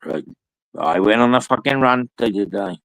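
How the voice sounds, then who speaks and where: A man on a video call, ranting and swearing emphatically, with drawn-out pauses. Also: on the low side, expressive, gravelly, fairly bright tone, no echo, poor audio. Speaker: guest on a live stream panel. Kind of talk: ranting casual chat.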